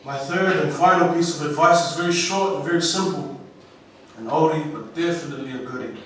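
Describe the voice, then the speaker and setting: A man with a New Zealand accent giving an inspirational graduation speech, slow and emphatic, heard from far off through a hall's speakers. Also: a little high, fairly bright tone, slight background noise. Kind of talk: ceremonial speech. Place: large school hall. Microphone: PA microphone, recorded from the audience. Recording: echoey hall from far off.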